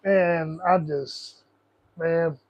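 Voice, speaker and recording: A man's voice: fairly high pitch, fairly even intonation, very slow. A young man hosting a casual political livestream, ranting in a profane, frustrated, rambling way. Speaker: host.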